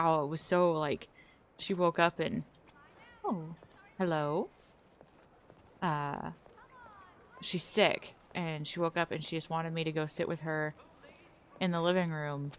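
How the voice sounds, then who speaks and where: A young woman streamer chats casually with her viewers, rambling, cutting herself off and trailing away mid-sentence before starting over. Her voice sits low and is a bit bright.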